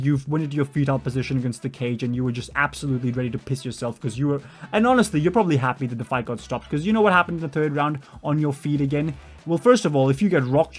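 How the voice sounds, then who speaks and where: A man giving a ranting commentary, exasperated and sarcastic, sometimes doing mocking impressions. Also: mid-range voice.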